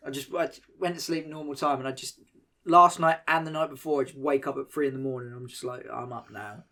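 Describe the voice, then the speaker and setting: A man's voice: on the high side, fairly even intonation, fast talker, bright, forceful tone. A man, co-hosting a podcast and rambling through casual, sweary banter. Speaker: podcast co-host.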